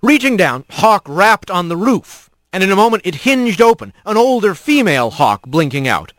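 Lively man narrating a story. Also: sits high, normal speed, no echo. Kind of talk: scripted narration.

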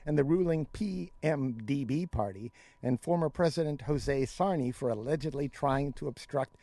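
A man talks through the day's news in a loose, conversational way, reading a headline and then riffing on it. His voice sits a little high for a man, recorded dry and close with no room sound. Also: normal speed, warm tone, no echo. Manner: reads news items then riffs with opinions. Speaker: news segment co-host. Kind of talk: casual news chat.

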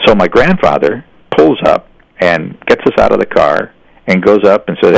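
Older man, gravelly low voice, dry close sound, rambling folksy anecdotes. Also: expressive, normal speed, no echo, rough recording. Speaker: guest. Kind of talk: storytelling in casual conversation.

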